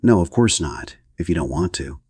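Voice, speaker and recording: A man reading an audiobook, voicing a shrill, fretful middle-aged society hostess. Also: animated, normal speed, a little mellow, slightly rough, no echo, full character voice.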